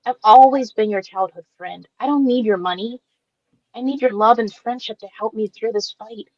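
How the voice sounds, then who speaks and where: A woman voicing a gentle, tearful young woman with cancer in an amateur radio drama, speaking softly and with feeling. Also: on the high side, no room sound, close to an everyday voice. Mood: pleading. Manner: soft, emotional, slow-spoken. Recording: dull dry lo-fi recording.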